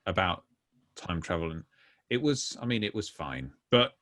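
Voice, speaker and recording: A man with a fairly low voice co-hosts a loose comedy chat. He rambles, stops and restarts, and loses his point mid-sentence. He is heard over a video call. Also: big pitch swings, fairly bright tone. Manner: rambling, halting, loses his train of thought. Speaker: podcast co-host. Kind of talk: casual chat.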